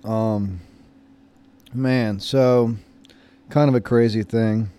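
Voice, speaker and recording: A man's voice: fairly low pitch, fairly even intonation, drawn-out words, warm tone, clean tone. A man in his thirties casually telling a story, rambling and hesitant with many fillers and restarts. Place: lives in Florida.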